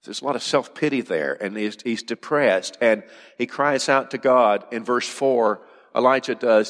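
A man's voice: medium pitch, animated, moderate pace, fairly bright tone, in a large hall. A man preaching a sermon with earnest emphasis, often repeating words and dropping to a near-whisper for effect. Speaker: pastor.

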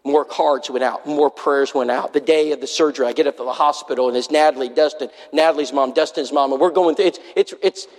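Earnest preacher in a reverberant hall. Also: male voice, mid-range voice, brisk, hardly any pauses. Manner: earnest, acts out quoted voices. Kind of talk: sermon storytelling.

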